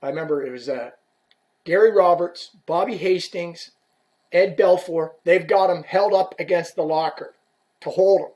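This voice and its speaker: A man's voice: high-pitched, moderate pace. A man telling a story as a podcast guest, acting out dialogue and swearing freely. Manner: animated, profane, acts out dialogue. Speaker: podcast guest, former equipment rep. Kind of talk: casual anecdotal storytelling.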